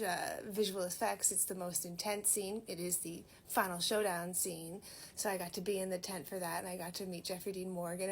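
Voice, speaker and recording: A chatty young woman reviews a movie in a casual vlog. She is animated and self-mocking, with a voice pitched in the middle range for a woman. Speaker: movie reviewer and background actor.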